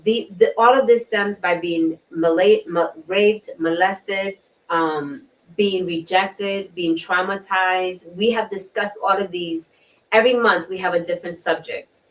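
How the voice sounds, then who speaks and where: A woman's voice: fairly low pitch, fairly even intonation, unhurried. Earnest woman speaking from a distance. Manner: earnest, repeats key words, clears throat often. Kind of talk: personal testimony in a panel talk. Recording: distant mic.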